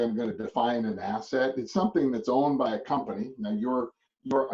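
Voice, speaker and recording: A man giving a motivational real estate business talk, animated and storytelling, with lots of restarts and tag questions. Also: medium pitch, distant mic. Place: a web call. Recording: muffled audio from off mic.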